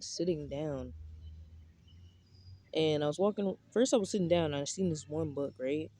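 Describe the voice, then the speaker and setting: A man's voice: on the high side, dark tone. A young man rambling casually outdoors in a park, full of slang, swearing and filler words. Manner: rambling, profane slang-heavy talk with many fillers. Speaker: vlogger.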